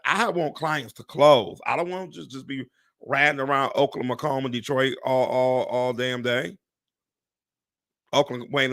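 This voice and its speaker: A man who works as a real estate agent, chatting casually to viewers on a live stream, animated and exclamatory, swearing and talking straight to "y'all". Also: mid-range voice, gravelly.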